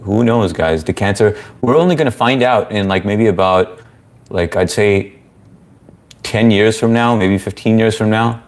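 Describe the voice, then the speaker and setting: Deep-voiced man hosting a casual livestream. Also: normal speed. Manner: relaxed, chatty, reads viewer comments aloud. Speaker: livestream host answering chat. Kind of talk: casual live-stream Q&A.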